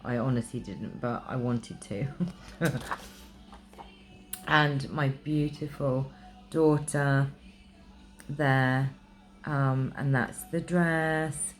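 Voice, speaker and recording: Middle-aged woman vlogging, super deep voice, gushy and emotional, lots of ums, faint music behind. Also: extremely slow, pauses often. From England. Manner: gushing, emotional, chatty with many ums. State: recovering from illness. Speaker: craft vlogger. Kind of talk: casual chat to camera.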